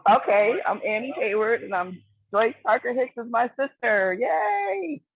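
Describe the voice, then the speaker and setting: A woman's voice: on the high side, normal speed, slight background noise. Shy woman on a tinny call. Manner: shy, gushing, affectionate. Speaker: webinar participant. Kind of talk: casual group call. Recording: phone-like call audio.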